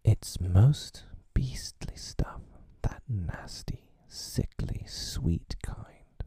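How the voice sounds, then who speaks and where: A proud, sulky father speaks in a hushed whispered role-play, his voice low and husky. A man reads him out slowly, gravelly and dark, close and dry. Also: lively intonation, no echo, heavily acted. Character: pompous self-pitying father, adult man.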